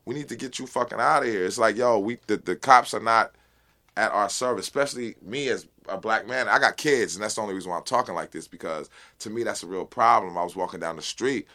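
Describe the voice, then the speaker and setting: A man being interviewed as a rap guest, talking casually and with passion, full of street slang and repeated "you know what I'm saying", while high. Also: fast talker, pushed and bright. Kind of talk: casual unfiltered interview talk.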